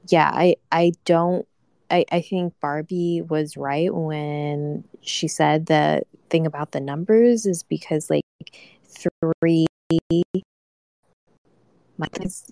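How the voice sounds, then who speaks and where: A woman's voice: sits low, a little mellow, no room sound, studio quality. A young woman giving a live reaction to a reality show, ranting casually with swearing and lots of fillers. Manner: ranting, profane, many fillers.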